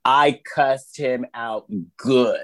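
A man telling a story in casual chat, slow, deliberate and emphatic. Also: medium pitch, fairly even intonation.

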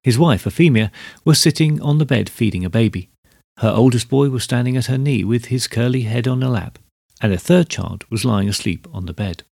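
A man reading a story aloud as narrator, in measured, even storytelling. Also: medium pitch, vocal fry, no room sound, studio quality.

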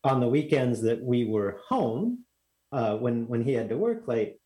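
A man's voice: mid-range voice, lively intonation, measured pace, dark tone, poor audio. A man from Texas, telling a rambling story as a guest in a casual chat, full of fillers and restarts.

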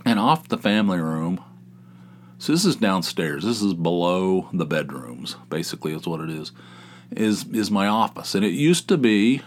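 A middle-aged man from West Virginia with a fairly low voice tells stories alone at home. He rambles, restarts his sentences and pokes fun at himself. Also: sing-song, moderate pace, a little hiss or hum. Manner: rambling, self-deprecating, with asides and restarts. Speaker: podcast host. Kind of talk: casual storytelling monologue. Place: home office in basement.

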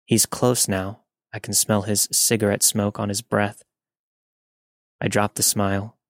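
Male storyteller, even measured read, dry booth sound. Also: on the low side, no room sound. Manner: steady, measured reading. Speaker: horror story narrator. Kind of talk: scripted first-person narration of a listener story.

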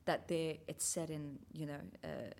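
An Australian woman talking about theatre in a lively casual chat. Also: low voice, unhurried, gravelly. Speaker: actor, writer.

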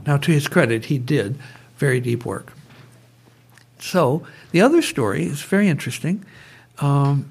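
Husky, fairly high-voiced man who rambles into tangents while telling stories. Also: big pitch swings, normal speed, pauses often, darkish tone. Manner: digressive, goes off on tangents. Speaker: guest, brainwave trainer. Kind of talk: conversational storytelling.

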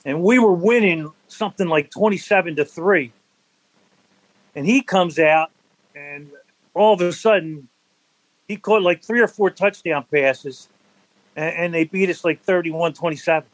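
An older man with a fairly high speaking voice spins anecdotes from his playing days, warm in rhythm and quick to laugh. The sound is dry and close, with no room around it. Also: no room sound, poor audio. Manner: animated anecdotal storyteller, laughs between stories. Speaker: interview guest, former football center. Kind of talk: storytelling in a conversational interview.

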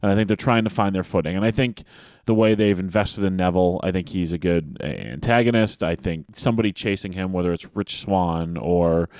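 A man with a very low voice talks in casual podcast chat, rambling and often restarting his sentences before landing on an emphatic point. The sound is dry and close, with no room around it. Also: darkish tone, no echo. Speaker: wrestling podcast co-host.

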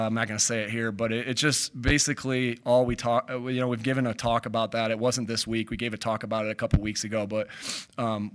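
A man's voice: mid-range voice, fairly bright tone. A man, a head coach, answering questions at a postgame press conference, rambling with frequent restarts and fillers.

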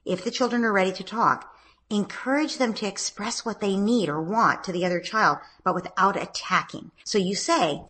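A woman and parenting author, guest on an interview, explaining steps in a calm, gentle, instructive way. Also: mid-range voice, moderate pace, slightly rough, low-quality recording.

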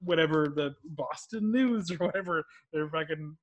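A young man, a comedian guest on a podcast, telling stories casually, animated and swearing freely. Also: on the high side, moderate pace, lo-fi sound. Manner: animated, swearing, laughing storyteller. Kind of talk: casual film chat.

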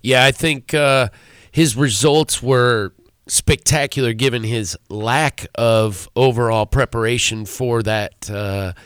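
Smooth-voiced rambling co-host man. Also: mid-range voice, slow pace, fairly bright tone, no room sound, clean studio sound. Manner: rambling, restarting questions. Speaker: co-host asking questions. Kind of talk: sports talk radio.

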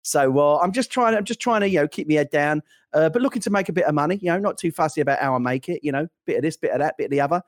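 A middle-aged British man tells a story in casual chat, rattling along at a brisk clip. He laughs often and restarts his sentences as the ideas tumble out. His voice sounds close and dry, with no room around it. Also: on the high side, no echo. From Britain. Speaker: podcast co-host.

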